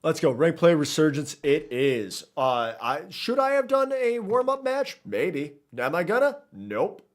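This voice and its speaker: A man's voice: a little high, wildly swooping pitch, measured pace. A man streaming a video game, rambling casually to his chat while he plays. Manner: rambling, chatty, talks to chat while playing. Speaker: gaming streamer. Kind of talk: casual live gameplay commentary.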